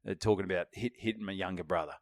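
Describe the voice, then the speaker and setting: A man's voice: low-pitched, very fast, no room sound, studio quality. A young Australian man co-hosting a podcast, telling stories in a casual chat and acting out the people in them. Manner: animated storytelling, acts out hecklers. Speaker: podcast co-host, comedian.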